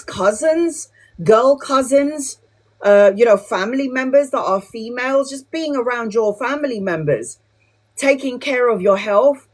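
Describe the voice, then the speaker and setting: A woman giving a live tarot reading who talks bluntly and chattily and swears casually. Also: on the high side. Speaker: tarot reader.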